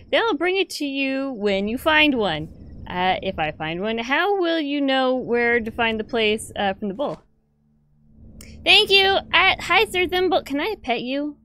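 A woman gamer giving playful let's play commentary, swearing now and then and breaking into excited squeals. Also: a little high. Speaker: gamer playing a story game.

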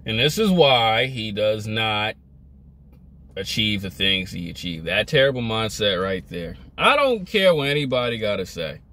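A man's voice: on the low side, big pitch swings, a little slow, pushed and bright. A young man vlogging a motivational rant, emphatic, repetitive and scolding.

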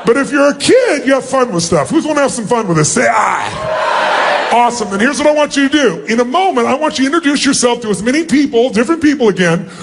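A man's voice: very high-pitched, slight background noise. A man giving a live motivational seminar to a large crowd, commanding the audience and calling for their responses. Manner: acts out quick mock greetings. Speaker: motivational speaker. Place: large auditorium.

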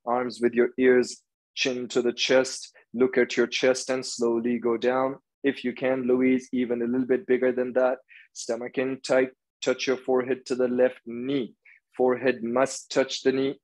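A man's voice: mid-range voice, monotone, unhurried, poor audio. A man leading a hot yoga class, giving firm, rhythmic commands and counting through each pose. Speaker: yoga teacher. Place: yoga studio.

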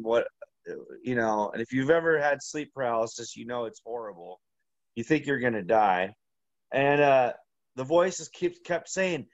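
A man telling a long, rambling story as an interview guest, halting and full of restarts. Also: mid-range voice, animated, dry recording, dull audio. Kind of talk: casual storytelling.

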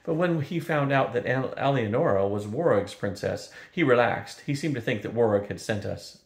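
A man's voice: medium pitch, animated, moderate pace, lightly acted. An older man voicing a level-headed young princess in a matter-of-fact way, reading a storybook aloud. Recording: roomy echo.

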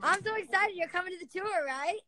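Bubbly high-voiced female live-streamer. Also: a little fast, no echo. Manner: bubbly, excitable and chatty. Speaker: livestream host. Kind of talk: casual live-stream chat with viewers. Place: her bedroom. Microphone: laptop or phone live stream.

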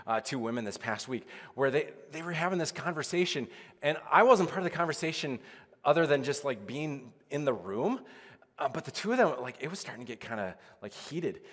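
A man's voice: a little high, lively intonation, fairly quick, fairly bright tone. A male pastor giving a casual, conversational sermon, full of "like"s and acted-out quotes. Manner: casual, chatty preaching with many "like"s and acted-out quotes. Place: church sanctuary. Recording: reverberant church sanctuary.

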